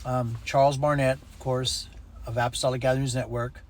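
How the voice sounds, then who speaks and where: A man's voice: medium pitch, flat delivery, fairly quick, a little hiss or hum. A man telling a personal story in a casual vlog, acting out the voices in it and adding preachy asides. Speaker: ministry network leader.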